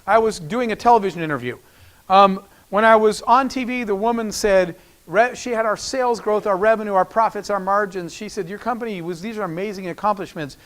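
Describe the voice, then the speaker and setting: A man's voice: sits high, brisk, fairly bright tone. A middle-aged man giving a storytelling business talk, acting out the dialogue he quotes. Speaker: keynote speaker.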